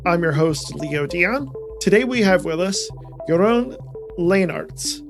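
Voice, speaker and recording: An American man hosts a casual podcast chat in a somewhat high voice with a gravelly, creaky edge. He keeps things upbeat, tossing in quick asides. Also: animated, music in the background. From United States. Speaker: podcast host.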